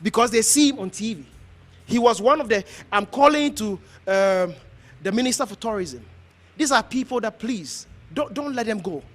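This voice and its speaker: A man's voice: sits high, expressive, normal speed, a bit bright. A man from Ghana, a pastor, giving an earnest, exhorting speech to a gathering, repeating himself as he goes. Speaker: pastor hosting an honoring event.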